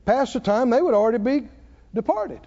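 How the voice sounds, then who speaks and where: Older preacher, high lively voice. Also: male voice, a little fast, creaky, lo-fi sound. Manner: animated storytelling, laughing often, calling for congregation responses. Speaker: pastor. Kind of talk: sermon.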